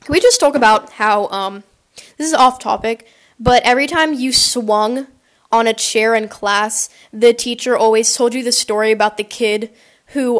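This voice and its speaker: High-voiced woman chatting animatedly. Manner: animated, rambling, acts out quotes in silly voices. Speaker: podcast host. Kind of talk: casual chat reacting to listener confessions. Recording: poor quality mic.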